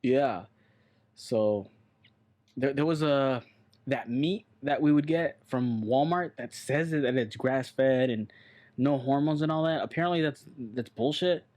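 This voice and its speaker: Man, casual podcast talk, rambling, blunt, mid-pitched. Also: measured pace, a little mellow. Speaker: podcast co-host. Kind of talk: casual chat.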